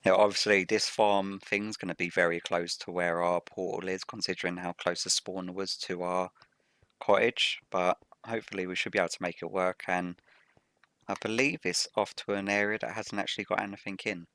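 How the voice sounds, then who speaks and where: A man with a low, rough morning voice talks through his gameplay as a video game host. His delivery stays level and even, and he explains each step in a methodical, matter-of-fact way. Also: fairly quick, dry recording. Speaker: Let's Play host. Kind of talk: gameplay commentary.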